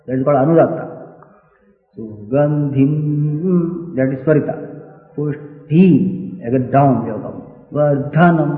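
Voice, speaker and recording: Male teacher, patient and deliberate, chants examples; reverberant hall, thin lo-fi sound. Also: medium pitch. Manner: patient, deliberate explanation, breaking into slow Vedic chant. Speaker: spiritual teacher. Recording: echoey hall on a tinny, phone-like archival recording.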